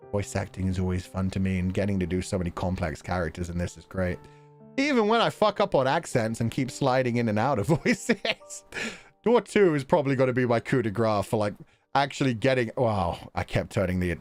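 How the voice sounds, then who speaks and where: A young man streaming casually, chatting with viewers in an animated way, laughing often and swearing casually. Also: fairly low pitch. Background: faint background music.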